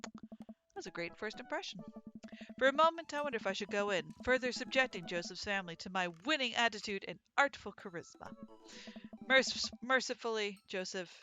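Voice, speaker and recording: A woman playing a dating game on stream, chatting and telling stories in an animated, casual way. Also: fairly high pitch, fairly quick, a little hiss or hum. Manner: animated, chatty, swears and laughs. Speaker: let's play streamer. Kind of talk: casual gameplay commentary and storytelling.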